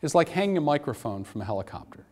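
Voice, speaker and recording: A middle-aged man giving a conference lecture in an animated, anecdotal way with wry asides. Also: a little high, rapid-fire. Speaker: academic lecturer. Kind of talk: conference talk. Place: lecture hall.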